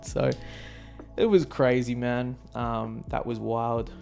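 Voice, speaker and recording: An excitable man with a gravelly, fry-edged voice recaps a concert in casual, slangy talk, swearing and laughing freely. Soft music plays faintly behind him. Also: mid-range voice, extremely slow, long pauses. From Australia. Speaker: vlogger.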